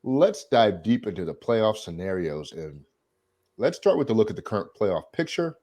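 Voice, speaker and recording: A man's voice: lowish voice, moderate pace. A man hosting a sports podcast, opening with showman hype and then chatting casually. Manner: hype showman intro, animated. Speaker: podcast host.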